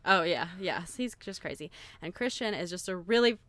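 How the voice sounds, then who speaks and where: Low-voiced young woman retelling a film. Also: moderate pace, dry recording. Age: young adult. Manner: animated storyteller, frequent "like", swearing. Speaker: podcast co-host. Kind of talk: casual chat, retelling a film plot.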